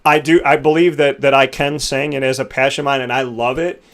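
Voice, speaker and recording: A young man hosting a casual interview, telling stories in an animated, emotional way. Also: medium pitch, fast talker. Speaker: podcast host.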